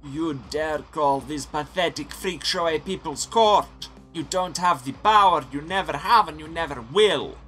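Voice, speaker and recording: A man puts on a defiant old nobleman facing execution in a story game, his voice pitched higher and louder than usual. He sneers and declaims every line with contempt. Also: unhurried, few pauses, soft background music. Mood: scornful defiance. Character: defiant aged male nobleman captive, scornful.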